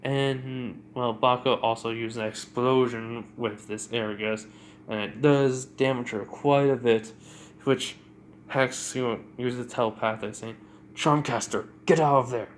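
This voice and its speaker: A man's voice: mid-range voice, steady tone, a little slow, a little hiss or hum. A man casually retelling a fan-made story in a rambling way, full of fillers.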